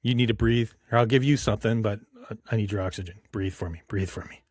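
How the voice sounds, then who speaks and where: Hushed, coaxing trees that want a person's oxygen, as a man puts them on mid-conversation. The voice drops low and soft and pleads to be breathed for. The sound is dry and close, with no room around it. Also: fast talker, no echo, lightly acted.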